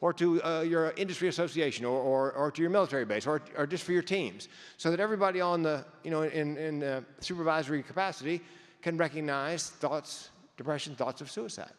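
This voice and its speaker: A man's voice: fairly high pitch, a little fast. A man giving a keynote speech, telling stories with comic timing and sometimes stumbling over repeated words. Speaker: keynote speaker. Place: conference hall. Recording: long hall reverb.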